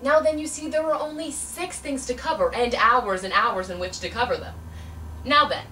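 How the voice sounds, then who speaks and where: A young woman in an audition, playing a prim, fussy female language teacher who lectures in formal, deliberately precise diction. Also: on the high side, pushed and bright, a little hiss or hum. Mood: prim, dry. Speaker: auditioning actor. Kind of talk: audition monologue, comic. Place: audition room. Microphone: far camera. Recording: echoey room from a distance.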